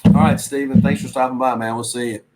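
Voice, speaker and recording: A man's voice: medium pitch, little pitch movement, fast talker, background noise. A man with an ordinary mid-range voice talks loosely and at length on a casual live stream. He hosts a reselling channel, wanders from story to story and stops to answer viewer comments. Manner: rambling, chatty, reads viewer comments aloud.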